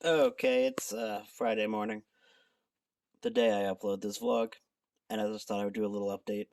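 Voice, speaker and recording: A woman's voice: a bass voice, steady tone, normal speed, a little mellow, far from the mic, slight background noise. A woman chatting casually in a home vlog, rambling and poking fun at herself. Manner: chatty, self-deprecating, rambling. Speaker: book vlogger. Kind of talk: casual chat.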